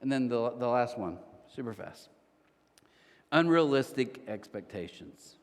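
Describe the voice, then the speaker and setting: A man preaching a sermon as pastor, telling stories in a conversational, animated way with quick restarts. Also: mid-range voice. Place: church auditorium. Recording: church hall reverb.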